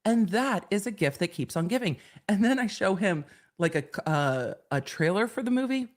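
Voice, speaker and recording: A woman's voice: medium pitch, animated, normal speed. A woman in her forties hosting a casual livestream from home, chatting in a rambling way and laughing easily. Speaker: livestream host.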